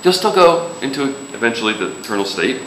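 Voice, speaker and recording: A man's voice: mid-range voice, sing-song, brisk, fairly bright tone, slight background noise. A man preaching a sermon in a casual, joking way, with sudden emphatic rises. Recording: echoey room with faint ambience.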